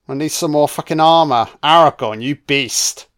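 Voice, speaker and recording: Male film commentator, laid-back and foul-mouthed, clean smooth voice. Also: on the high side, normal speed, few pauses. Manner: swears freely, reacts excitedly to the action.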